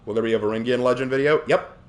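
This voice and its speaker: A man's voice: medium pitch, racing. Chatty man streaming a game. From Southern United States. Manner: chatty, answers viewer chat, frequent restarts and repeats. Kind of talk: casual live-stream chat while gaming.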